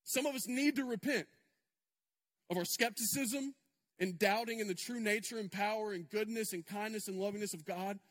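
Male pastor with a high, light voice. Conversational, emphatic sermon delivery, with long reverb from a church hall. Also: moderate pace, a bit bright. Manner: conversational and emphatic, with repetitions and asides to the congregation. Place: church sanctuary.

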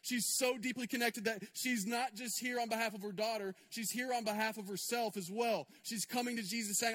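A man's voice: extremely high pitch, fairly even intonation, fairly quick, hardly any pauses, a bit bright, in a large hall. A male pastor preaching a sermon in a church, conversational and emphatic, with repetitions and asides to the congregation. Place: church sanctuary.

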